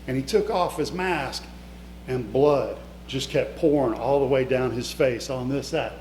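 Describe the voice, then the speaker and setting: A man's voice: mid-range voice, unhurried, darkish tone. A middle-aged man giving an emotional, conversational motivational talk in an event hall, speaking straight to his audience. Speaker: keynote speaker. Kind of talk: motivational storytelling speech. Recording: echoey hall with faint hum.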